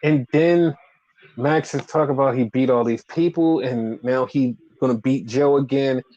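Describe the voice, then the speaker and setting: A man's voice: medium pitch, normal speed, dark tone, muffled recording. A man co-hosting a casual wrestling podcast, ranting in a profane, exasperated way. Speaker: podcast co-host.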